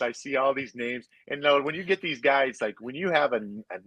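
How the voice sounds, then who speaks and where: Poor audio carries a mid-range male voice at normal speed with few pauses and no echo. The speaker, a former hockey player in his thirties or forties guesting on a podcast, spins casual, profane stories and imitates others in changing voices.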